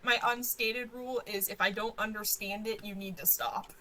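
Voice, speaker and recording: A woman from Germany, a stream moderator and co-player, chatting casually and talking fast when excited. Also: medium pitch, poor audio. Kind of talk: casual chat while gaming.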